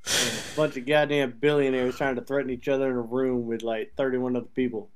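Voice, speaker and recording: A man co-hosting a sports podcast, telling stories in animated, profane banter and laughing often. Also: mid-range voice, brisk, a crowd in the background. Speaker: podcast co-host. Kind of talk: casual sports chat.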